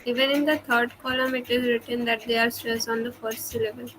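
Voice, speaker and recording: A polite woman student with a high voice asks her teacher questions during a class. She addresses the teacher as ma'am throughout. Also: level tone, a little fast, noisy background.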